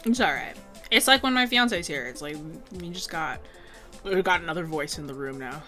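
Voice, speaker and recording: A woman's voice: on the low side, lively intonation, normal speed, pushed and bright, soft background music. A woman art streamer chatting casually on a drawing lesson stream, laughing often and filling her talk with "like" and "um". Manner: giggly, filler-heavy talk. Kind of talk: casual live-stream chat.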